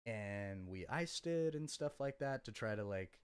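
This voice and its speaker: A man's voice: on the low side, lively intonation, unhurried, clean tone, no room sound. A young man in casual podcast conversation, telling his story bluntly with lots of profanity and fillers. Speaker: podcast guest.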